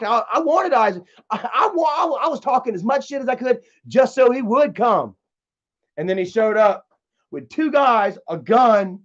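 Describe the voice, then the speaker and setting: Streaming live, a man with a high voice tells his chat rambling, profane stories and laughs along as he goes. The high frequencies in the audio are cut off.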